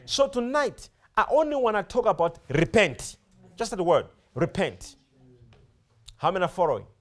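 Preaching at a moderate pace in a high-pitched voice, a man stresses his points emphatically and repeats words and phrases. His sermon has an animated rise and fall. He often breaks off to ask the congregation questions.

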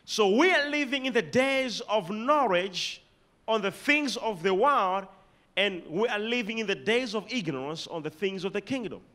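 A man with a Malawian accent preaching a sermon, emphatic, reading scripture slowly and telling the congregation to underline words. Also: expressive. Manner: emphatic, dramatic swings in loudness and pitch, reads scripture slowly.

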